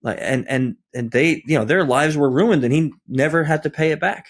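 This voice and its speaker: A man's voice: on the high side, normal speed. A man hosting a podcast who tells stories with enthusiasm and often restarts his sentences. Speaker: podcast host. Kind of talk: podcast discussion.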